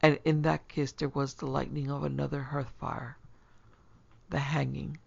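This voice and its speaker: Brief: man narrating horror, gravelly, measured, lo-fi. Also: mid-range voice, flat delivery. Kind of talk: scripted horror audiobook narration. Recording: dull lo-fi recording.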